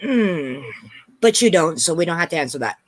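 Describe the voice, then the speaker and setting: Easygoing woman co-host, lively voice. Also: lowish voice, moderate pace. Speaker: stream co-host. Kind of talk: casual chat.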